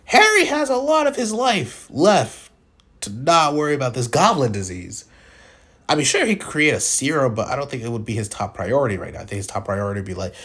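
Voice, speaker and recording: A man in the middle of a relaxed film critique, with a voice of middling pitch that swings lively up and down as he gets worked up. He rambles and restarts his thoughts, and he is freely opinionated about what worked and what didn't. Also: fast talker, husky. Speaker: film reviewer. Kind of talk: casual spoken film commentary.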